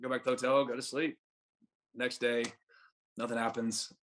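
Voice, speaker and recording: A man's voice: medium pitch, little pitch movement, normal speed, a bit bright, slight background noise. A young man sits in as a podcast guest and spins a long, casual story. His delivery is laid-back and rambling, with "like" dropped into almost every sentence as he backtracks and restarts. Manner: rambling, laid-back, heavy use of "like" fillers. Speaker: podcast guest, baseball pitcher.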